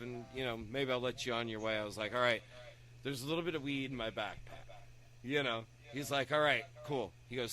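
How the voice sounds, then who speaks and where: A young adult man casually telling a story on a podcast, swearing freely and acting out other people's lines. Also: normal speed. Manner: animated anecdote-telling, swearing, acting out quotes with raised pitch. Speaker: podcast co-host.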